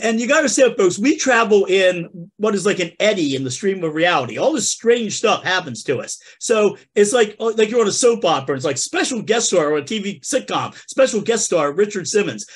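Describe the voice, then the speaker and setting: With a high, slightly rough, expressive voice, this podcast host talks a little fast and hardly pauses. He playfully tells a comic story, speaking directly to his audience and calling them folks.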